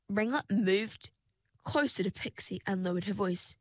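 A woman reading a children's story with an even, unhurried delivery. Her voice sits in a middle register, recorded close and dry. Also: medium pitch, no echo, rough recording. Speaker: narrator. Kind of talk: storybook narration.

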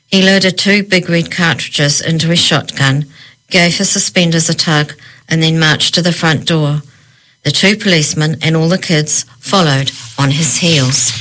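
A woman with a low voice narrates a children's storybook at an even pace. Her reading is plain and measured between the spoken lines. She raises her voice briefly whenever a character speaks. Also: low-quality recording. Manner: reads steadily and lifts her voice for each character's lines. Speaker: audiobook narrator.

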